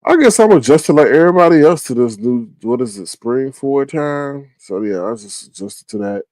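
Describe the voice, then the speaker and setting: Sleepy and yawning, this man gives casual live-chat commentary as a livestream host, meandering and trailing off, then picking his thoughts back up. He has a medium-pitched, expressive voice at normal speed, darkish in tone, with no echo.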